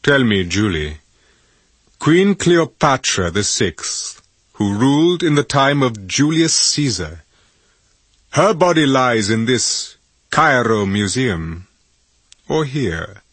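A man with a husky voice, voicing an ancient Egyptian king who speaks in a formal, passionate way with slow emphasis. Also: medium pitch, big pitch swings, a bit bright, no room sound, heavily acted.

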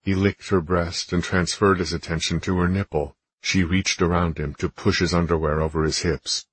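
A man narrating a romance audiobook in a steady, measured reading. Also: low voice, breathy edge, no echo. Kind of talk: scripted narration.

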